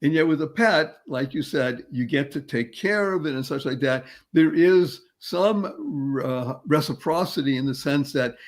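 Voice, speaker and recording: A man hosting a live panel webinar, talking in a halting, thoughtful way with gentle jokes over a video call. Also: on the high side. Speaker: webinar host and panel moderator.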